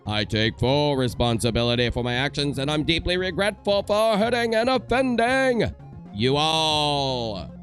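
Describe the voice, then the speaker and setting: A man's voice: fairly high pitch, animated, unhurried, fairly bright tone, faint music behind. A man voicing a stuffy English man reading out a stiff, formal apology in a prim, mock-solemn way, with a put-on English accent. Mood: mock-contrite.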